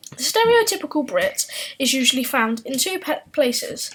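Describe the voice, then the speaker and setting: A woman's voice: sits high, sing-song, moderate pace, a bit bright, slight background noise, rough recording. A woman hosting a comedic culture explainer, delivering a scripted script in a wry, self-mocking tone. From United Kingdom. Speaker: host.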